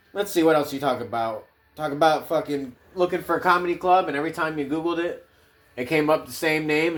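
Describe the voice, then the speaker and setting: A man hosting a podcast, rambling casually with heavy swearing. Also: on the high side. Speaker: podcast host.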